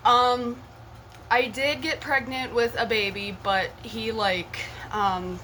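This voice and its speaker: A woman's voice: fairly high pitch, bright, forceful tone, slight background noise, rough recording. A young woman vlogger telling a personal story to her viewers in a chatty, giggly way, full of slang and swearing. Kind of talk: casual storytelling to camera.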